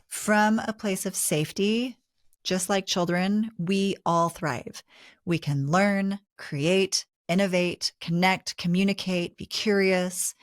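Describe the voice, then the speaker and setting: A woman co-hosting a relationship advice talk, explaining ideas in a measured, teacherly way. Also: fairly low pitch, dry recording, clean studio sound. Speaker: podcast co-host.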